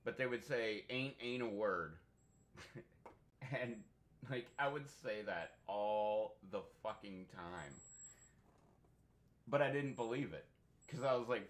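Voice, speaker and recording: A young man streams a game in a fairly low voice, speaking slowly with long pauses. He chats casually, rambles through animated stories, swears freely and laughs often.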